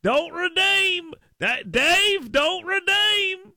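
Man doing a scam caller, put-on Indian accent, high-pitched, slow insistent commands. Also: expressive, bright, forceful tone, dry recording, studio quality, heavily acted. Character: pushy male scam caller.

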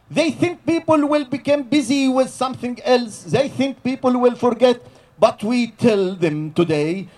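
A man delivers a defiant protest speech in a very high voice. He speaks slowly and deliberately, and his pitch swings widely as he stresses each line. He builds his points through rhythmic repetition. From Gaza, Palestine. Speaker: rally speaker.

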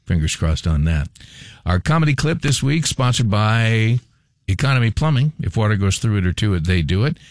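A man's voice: fairly low pitch, very animated, moderate pace, no echo, clean studio sound. A man hosting a radio show, casual and folksy.

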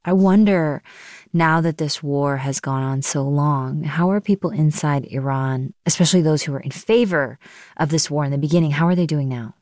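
A female news host with a notably deep voice asks her questions in a composed, clear way. The sound is dry and close-miked, as in a radio studio. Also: moderate pace, darkish tone, dry recording. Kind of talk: news interview.

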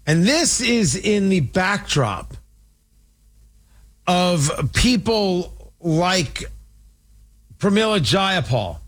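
A man's voice: high voice, very animated, extremely slow, long pauses, fairly bright tone. A man hosting an opinionated commentary show, talking in an indignant, emphatic and mocking way.

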